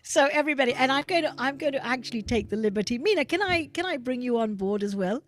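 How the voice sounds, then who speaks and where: A woman hosting a live online gathering, chatting gently with fillers and restarts on a video call. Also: sits high, animated, fast talker. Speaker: host. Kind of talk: casual chat and devotional singing.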